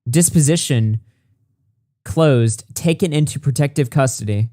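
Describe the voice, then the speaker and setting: This commentary host speaks at a medium pitch with a warm tone, in echo-free, studio-quality audio. He reads texts and reports quickly and reacts to them bluntly, cursing freely.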